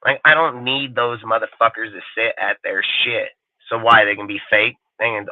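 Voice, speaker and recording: With a voice on the low side and a moderate pace, this man hosts a live show full of angry, profane ranting, constant swearing and mockery of other people's voices. The sound is tinny and phone-like, dry with no echo.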